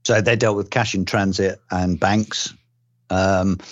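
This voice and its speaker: A retired police detective, an older Englishman, recalls his career in a relaxed oral-history interview full of ums, restarts and dry humour. His voice sits low with fairly even intonation and a slow pace. The recording is dull, dry and lo-fi with no room sound.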